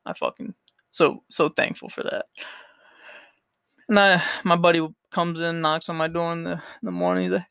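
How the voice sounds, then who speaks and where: A man's voice: fairly high pitch, steady tone, normal speed, gravelly, a bit bright, clear, resonant tone, dry recording, clean studio sound. A young man hosting a solo podcast who tells a story in a rambling, profane way and laughs often. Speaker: podcast host.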